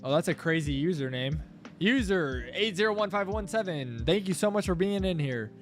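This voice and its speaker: A young man live-streaming his crypto trading, chatting casually, thanking viewers and coaxing the price chart out loud. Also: high voice, lively intonation, moderate pace, faint music behind.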